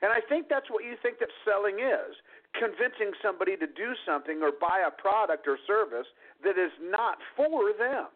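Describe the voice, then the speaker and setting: A blunt, combative man argues his case over a thin, phone-like line. His voice sits high and swoops widely as he presses his point. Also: lively intonation, normal speed. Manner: blunt, combative, calls people dude. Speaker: co-host. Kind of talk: heated debate on a call-in show.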